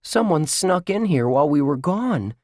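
Man doing a loud, high joker kid in a storybook; cookie-crazy and playful. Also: big pitch swings, moderate pace, no echo, clean studio sound. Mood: excited, joking. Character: excitable young boy, cookie-loving joker.

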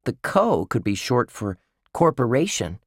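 A man's voice: mid-range voice, big pitch swings, a little slow, dry recording, studio quality, pitched above the performer's own voice. A man voicing a clever, curious young girl who thinks things through. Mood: thoughtful.

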